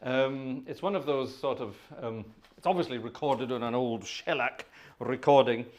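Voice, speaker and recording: A man's voice: medium pitch, normal speed. A man hosting a live organ concert stream from home, chatting casually and jokily between pieces with plenty of ums. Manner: chatty, joking, rambling with many ums. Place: home with organ, family nearby.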